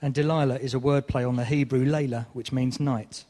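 A man's voice: mid-range voice, steady tone, brisk, dark tone, in a large hall. A man preaching a sermon, telling a story with mock exasperation.

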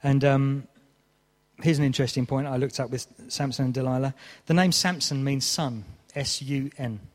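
A man's voice: mid-range voice, fairly even intonation, moderate pace, in a large hall. A man preaching a sermon, telling a story with mock exasperation.

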